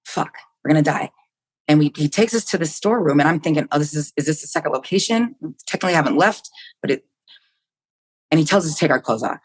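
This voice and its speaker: An American woman in her fifties, a podcast guest, tells a personal story candidly and vividly, thinking aloud and swearing freely. Her deep voice is animated and breathy-edged, and she talks fast.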